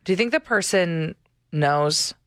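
Canadian female radio co-host, low-pitched, dry sound, teasing banter. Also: expressive, measured pace, dry recording. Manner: teasing, playful. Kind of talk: casual radio chat.

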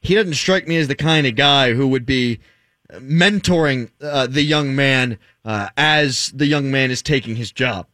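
A man's voice: medium pitch, unhurried, sharp tone, no room sound, studio quality. A man hosting a sports radio show, ranting sarcastically in casual talk.

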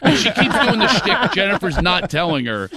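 Lively storytelling man, bright and dry. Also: high-pitched, normal speed, a little hiss or hum. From Philadelphia. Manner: lively, laughs often, mimics others' voices. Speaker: comedian guest. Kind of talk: animated storytelling chat. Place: radio studio.

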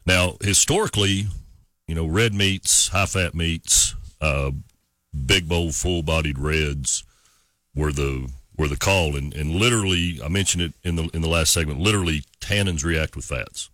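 A man in the wine business, a guest on a morning radio show, explaining wine pairings in a measured way. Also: deep voice, fairly bright tone, no room sound, clean studio sound. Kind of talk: casual radio chat.

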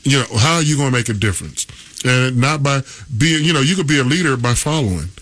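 A man's voice: medium pitch, animated, fast, fairly bright tone. Chuckling man telling radio stories. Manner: chuckles often, rambling with fillers. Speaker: radio co-host, former football player. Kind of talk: casual storytelling on sports radio.

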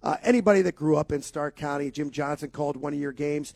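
A man's voice: fairly high pitch, fast, darkish tone, no room sound. A man from co-hosting a sports radio talk show, talking with enthusiasm and emphasis.

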